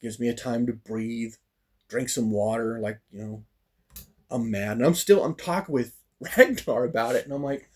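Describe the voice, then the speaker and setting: Man, husky mid-pitched voice, casual animated storyteller who acts out dialogue. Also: normal speed. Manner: animated, acts out quoted lines, frequent fillers. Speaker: storyteller recounting a fighting practice.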